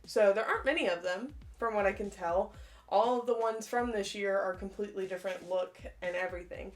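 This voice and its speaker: A woman's voice: medium pitch, fairly quick. Chatty woman showing her pickups. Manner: chatty, enthusiastic, says "like" often. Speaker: co-host. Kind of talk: casual collection show-and-tell.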